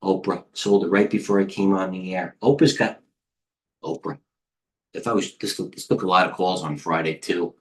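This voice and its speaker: A trading coach with an American accent and a slightly low voice talks through the market live at a moderate pace. He rambles, hops from one stock symbol to another, and grows excitable and chatty.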